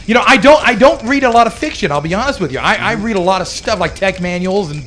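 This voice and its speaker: Animated high-voiced man debating films. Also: fast, slight background noise. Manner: animated, emphatic, repeats words. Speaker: radio show co-host. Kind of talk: casual debate chat.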